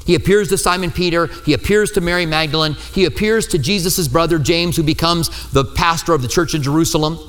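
Male pastor, sermon, lively storyteller, acts out quotes, slightly high voice, reverberant hall. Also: fast talker, hardly any pauses, soft background music.

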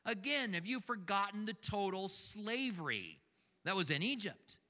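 A man's voice: sits high, very animated, normal speed, pushed and bright. An older man preaching a sermon as pastor, talking conversationally and asking his congregation questions. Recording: long hall reverb.

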